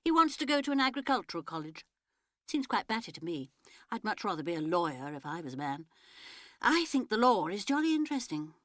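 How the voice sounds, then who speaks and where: A woman's voice: mid-range voice, sing-song, brisk, a bit bright, no echo, voice pushed up. A woman voicing a cool, sardonic eighteen-year-old daughter who speaks in a dry, composed way.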